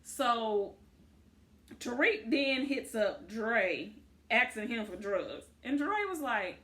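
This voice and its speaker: A woman's voice: a little high, expressive, takes it slowly, a bit bright. A woman co-hosting a casual show recap, retelling scenes and acting out the characters' lines. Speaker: podcast co-host.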